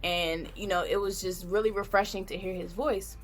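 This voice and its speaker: A woman in her thirties, a vlogger, shares an emotional, candid personal story that sometimes brings her to tears. Her voice is medium-pitched and steady, moving at a normal speed, with faint music playing in the background.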